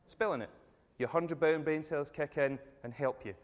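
A man's voice: fairly high pitch, moderate pace. Man speaking in a reverberant hall. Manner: jokey, energetic storytelling, addresses the crowd directly. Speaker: motivational speaker. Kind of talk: live audience talk. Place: event room with tables and audience. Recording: long reverb of a large hall.

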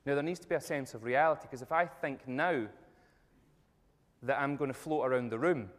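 A man giving a jokey, energetic talk to a live audience, telling stories and speaking directly to the crowd. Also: medium pitch, fairly quick. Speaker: motivational speaker. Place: event room with tables and audience. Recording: long reverb of a large hall.

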